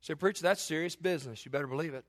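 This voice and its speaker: Racing through his sermon, a high-voiced, middle-aged preacher reads scripture aloud with passion and pushes hard at his audience. When he hammers a point, his voice rises and swells until he's nearly shouting.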